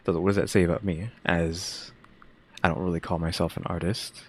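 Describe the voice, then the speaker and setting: A man's voice: low-pitched, little pitch movement, fairly quick. A man co-hosting a casual chat, musing aloud with self-questioning asides.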